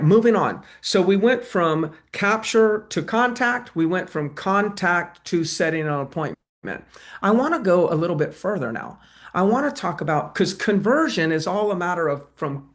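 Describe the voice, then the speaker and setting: Energetic man teaching real estate sales. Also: high-pitched. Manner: energetic, acts out client dialogue. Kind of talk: sales training talk.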